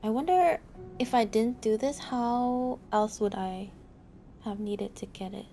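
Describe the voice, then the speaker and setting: A woman's voice: fairly high pitch, measured pace, mellow, a little hiss or hum. A young adult woman streaming a game, musing and hesitating with frequent "um"s as she plays. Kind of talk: casual gameplay commentary.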